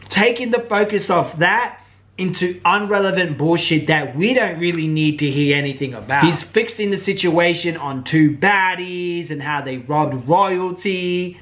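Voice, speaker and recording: A man's voice: on the high side, a bit bright. A man giving casual reaction commentary, loose and chatty, peppered with "like" and "bro". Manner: casual, uses "like" and "bro" a lot.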